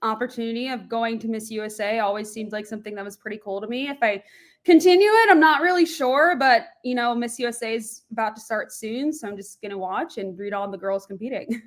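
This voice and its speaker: A young woman from Florida chats as a guest in a casual interview, her voice a little high and plainly general American. She talks quickly and animatedly, laughing often and tossing in lively asides.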